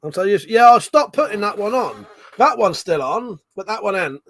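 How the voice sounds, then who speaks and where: A man's voice: high voice, expressive, normal speed, fairly bright tone. Tipsy, swearing British man on a livestream. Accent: British English. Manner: swears casually, laughs often, reads chat comments aloud. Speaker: livestream host. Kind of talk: casual drunk livestream chat.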